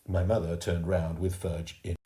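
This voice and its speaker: A man reading a children's book aloud as a storyteller, slow and expressive, in a roomy recording. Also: low voice. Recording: roomy echo.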